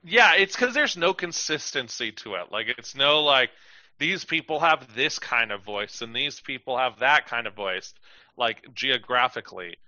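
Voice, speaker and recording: Bright-voiced man in casual podcast chat. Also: medium pitch, animated, a little slow, no room sound, highs cut off. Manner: chatty, rambling, lots of fillers and acted-out quotes. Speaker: podcast co-host.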